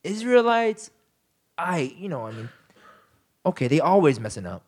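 A man's voice: on the high side, very animated, normal speed, darkish tone. A man preaching a conversational sermon, telling the story casually with lots of fillers and acting out quoted lines. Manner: acts out quoted lines in shifting voices. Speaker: pastor.

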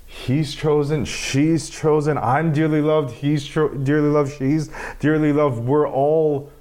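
A man's voice: a little high, little pitch movement, slow pace, a little mellow. A man preaching a sermon in a conversational, self-deprecating way, often restarting his sentences. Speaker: pastor.

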